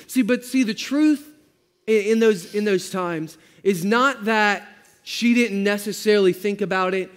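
A man preaching as a pastor, telling a story in a relaxed, joking way with slang, often laughing as he talks. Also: high voice, unhurried, big-room sound. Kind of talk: sermon.

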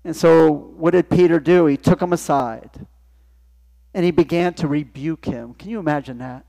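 A man's voice: on the high side, normal speed, gravelly, mellow. A male pastor preaching a sermon in church, talking conversationally and asking his listeners rhetorical questions.

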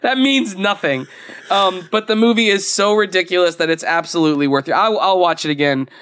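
Young male podcast co-host, high-pitched, casual and rambly. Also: fairly quick, fairly bright tone, slight background noise. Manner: chatty, rambling, laughs often. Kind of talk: casual chat.

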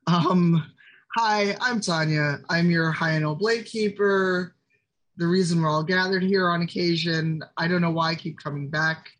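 A woman's voice: fairly low pitch, a little slow. A woman introducing herself as a tabletop game player with dry, teasing humor. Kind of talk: casual live-stream chat.

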